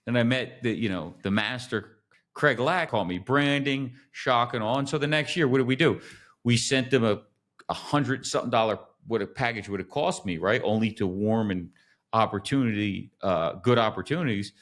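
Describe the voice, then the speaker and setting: A podcast host tells a sales story in a casual storytelling chat, animated and acting out the quotes. His voice is medium in pitch and moderately paced.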